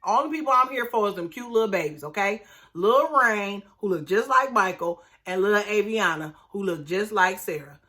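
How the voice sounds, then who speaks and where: Bright, chatty woman recapping a reality show. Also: mid-range voice, animated, moderate pace. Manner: chatty, exclamatory, acts out quotes in dropped voices. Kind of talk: casual recap commentary.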